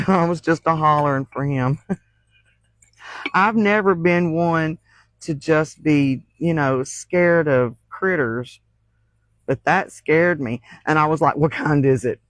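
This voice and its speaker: A woman's voice: low voice, slow pace, dry recording, poor audio. Drawling woman, laughing storyteller. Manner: laughs often while telling stories. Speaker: crafting channel host. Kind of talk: casual livestream storytelling.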